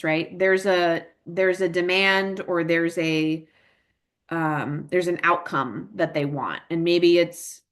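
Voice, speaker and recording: A woman's voice: fairly low pitch, fairly bright tone. A woman presenting a parent workshop in a casual, chatty way, full of fillers and tag questions, who acts out emotions in her examples.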